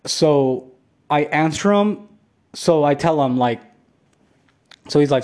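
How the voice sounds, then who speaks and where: A man's voice: fairly high pitch, animated, a little slow, pauses often, darkish tone. A man telling a rambling vlog story at home, profane and repetitive, full of filler words. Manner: rambling, profane, repeats himself with many "like" fillers. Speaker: vlogger. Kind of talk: casual solo vlog storytelling.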